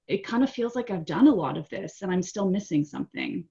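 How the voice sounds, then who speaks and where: A woman's voice: lowish voice, lively intonation, fairly quick, gravelly, dark tone, highs cut off. A woman taking part in a coaching session, speaking hesitantly and reflectively, with many fillers. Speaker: coaching participant. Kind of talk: casual chat.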